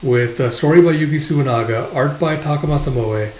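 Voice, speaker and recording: A man's voice: on the high side, a little fast, darkish tone, slight background noise. Man, manga video host, casual chatty talk, echoey room. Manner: chatty, filler-heavy. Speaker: manga review channel host.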